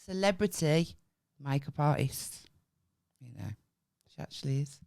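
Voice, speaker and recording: A woman's voice: low voice, animated, measured pace, gravelly, darkish tone, no echo, clean studio sound. A woman co-hosting a casual comedy podcast, swearing and laughing as she tells stories. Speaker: podcast co-host. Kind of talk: casual chat.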